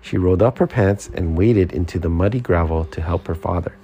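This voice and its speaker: A man reading a children's picture book aloud, with expressive, sing-song storytelling. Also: low-pitched, brisk, lo-fi sound, slight background noise. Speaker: storybook reader.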